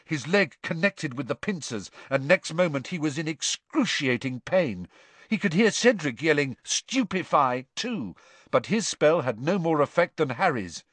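A man narrating an audiobook in an expressive, dramatic reading that rises with the action. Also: a little high, normal speed, slightly rough, no room sound.

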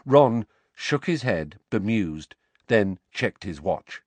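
Low, expressive male storyteller. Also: unhurried, no room sound. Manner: expressive, shifting voices for characters. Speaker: audiobook narrator. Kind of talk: storybook narration.

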